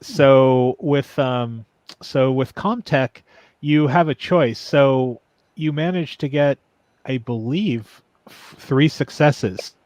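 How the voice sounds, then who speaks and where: A man's voice: medium pitch, slow pace, darkish tone, no echo. Game master man explaining rules. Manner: explains rules patiently with many ums and restarts. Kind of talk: narrating a tabletop game.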